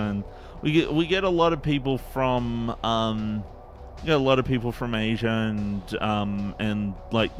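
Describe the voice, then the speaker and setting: A man with an Eastern Australian accent, chatting casually on a game stream in a rambling, laid-back way and laughing often. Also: lowish voice. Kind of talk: casual live-stream chat.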